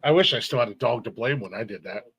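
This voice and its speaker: A man's voice: medium pitch, quick pace, gravelly, fairly bright tone, husky, rough recording. A middle-aged man, co-hosting a casual podcast and telling heated, profane stories with bursts of laughter. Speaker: podcast co-host. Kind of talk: casual chat.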